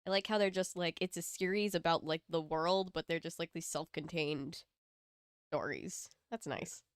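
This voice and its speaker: A chatty woman hosting a live stream, with a smooth, clear voice recorded close and dry. She talks casually and giggles as she signs off viewers. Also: on the low side, fairly even intonation, moderate pace, dry recording. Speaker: stream host.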